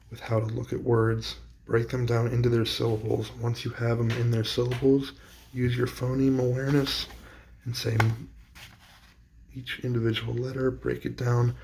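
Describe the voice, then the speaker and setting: A man's voice: mid-range voice, creaky, darkish tone, a little hiss or hum. A man explaining a classroom teaching strategy in a plain, practical way. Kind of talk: instructional explainer.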